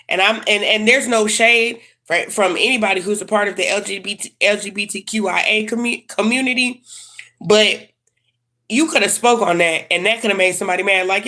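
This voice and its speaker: A woman's voice: mid-range voice, brisk, pushed and bright. A woman giving a casual tarot reading to camera, blunt and slangy. She swears freely and repeats herself for emphasis. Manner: emphatic and repetitive. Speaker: tarot reader.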